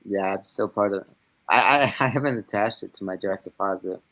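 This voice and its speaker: A man's voice: lowish voice, fairly quick, fairly bright tone, rough recording. A man co-hosting a casual livestream, reading viewer questions aloud and chatting in an easygoing way. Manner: easygoing, reads questions aloud and laughs often.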